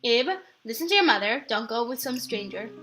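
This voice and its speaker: A shrill, bright, nagging mother from a creepy pixel game scolds her child for wandering off, put on by a young woman. She sounds pushy and fussy, with faint game music behind her. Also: animated, a little fast. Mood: scolding. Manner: nagging, bossy.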